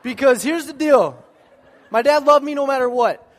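A man's voice: extremely high pitch, moderate pace, long reverb tail. A man preaching a sermon to his congregation, telling stories, joking, and acting out voices. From American Midwest. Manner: animated storytelling, acts out voices, jokes with congregation. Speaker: pastor. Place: church sanctuary.

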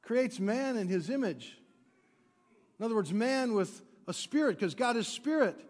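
High-voiced pastor preaching in a reverberant hall. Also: male voice, measured pace. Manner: animated preaching, swinging between loud emphatic peaks and low quiet drops; playful asides with chuckles to the congregation. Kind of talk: sermon. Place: church sanctuary. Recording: long church hall reverb.

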